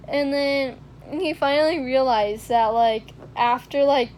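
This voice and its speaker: A woman's voice: high voice, takes it slowly, darkish tone. A teenage girl telling a personal story to camera, rambling with lots of fillers and "like". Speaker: vlogger. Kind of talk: casual storytelling vlog.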